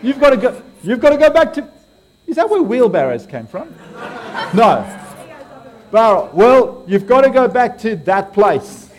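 A man's voice: very high voice, big pitch swings, unhurried, a faint crowd. A man with an Australian accent giving a playful, interactive sermon, joking with and quizzing his congregation. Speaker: preacher.

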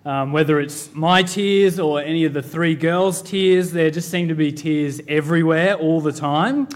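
A man in his thirties, a pastor, preaching a sermon in a measured, emphatic way with rhetorical questions. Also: a little high.

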